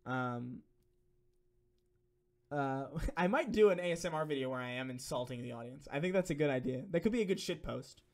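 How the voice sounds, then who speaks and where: In a casual live-stream Q&A, a young man reads donation messages and answers viewer questions, rambling, swearing and using lots of fillers. His mid-range voice is animated, brisk and darkish in tone.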